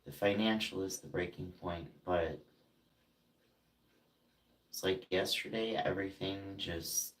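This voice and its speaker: A man venting about friends who hurt him, indignant and halting, with frequent fillers and restarts. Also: low-pitched, steady tone. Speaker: vlogger. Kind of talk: emotional personal vent. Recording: roomy, distant from the mic.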